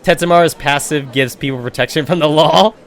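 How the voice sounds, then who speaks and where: A man's voice: fairly high pitch, brisk, a little hiss or hum. A young adult man streaming a game and telling a rambling, profane story in a casual way.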